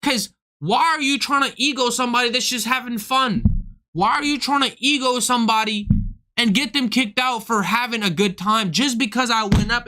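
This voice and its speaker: Young male comic, profane and heated, forceful bright voice, rants and slips into act-outs. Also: very high voice. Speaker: comedian streaming to viewers. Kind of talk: casual ranting monologue.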